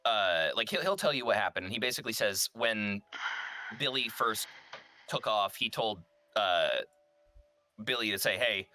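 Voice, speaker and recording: A man's voice: fairly low pitch, animated, moderate pace, pushed and bright. A man playing a tabletop game, explaining his character's plans in a rambling way with many ums and restarts. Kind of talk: casual tabletop game chat.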